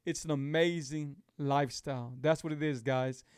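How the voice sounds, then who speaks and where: This middle-aged man hosts a keto lifestyle show, talking casually to viewers on a live chat in a drawl, sitting near the mic. His unusually high voice is steady, darkish and clean at a moderate pace, and he repeats himself emphatically like a preacher offering encouragement. The sound is dry and close, with no room around it.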